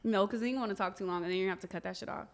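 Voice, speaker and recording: A woman's voice: mid-range voice, rapid-fire. A young woman co-hosting a podcast, brash, profane and joking in casual chat. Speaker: podcast co-host.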